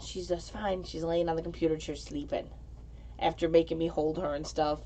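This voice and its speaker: A woman's voice: sits low, steady tone, normal speed, warm tone, a little hiss or hum. A woman hosting a casual livestream from home, rambling and giggly, often tripping over her words as she reads the chat. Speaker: livestream host reading chat.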